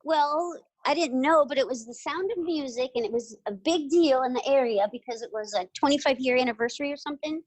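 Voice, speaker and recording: Middle-aged woman, high voice, animated storyteller, dry close sound. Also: brisk, hardly any pauses, no room sound, rough recording. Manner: animated, laughing, acts out quoted voices. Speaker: guest, retired jockey. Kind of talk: casual interview storytelling.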